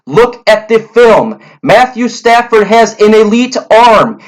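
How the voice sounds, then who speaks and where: A man with a high voice hosts a fan sports show in a heated, repetitive rant. He stumbles and restarts often, piling up words as he goes. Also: a bit bright, low-quality recording. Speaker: sports channel host. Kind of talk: fan rant and draft predictions.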